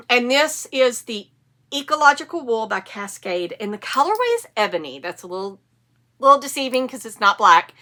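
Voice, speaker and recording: Bright-voiced chatty woman in her fifties. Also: medium pitch. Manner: chatty, rambling, self-correcting. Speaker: knitting podcast host. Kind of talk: casual chat to camera.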